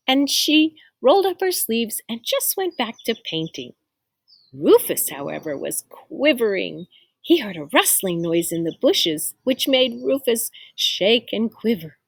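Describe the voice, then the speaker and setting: A woman reading a picture book aloud to children, expressive, stopping to explain words and ask the listeners questions. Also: fairly high pitch, no room sound. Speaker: storyteller.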